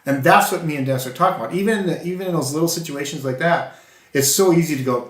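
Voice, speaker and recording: A man's voice: a little high, quick pace, reverberant. A man co-hosting a podcast, telling a story in earnest, casual faith-based chat. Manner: earnest storytelling, animated when quoting. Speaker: podcast co-host.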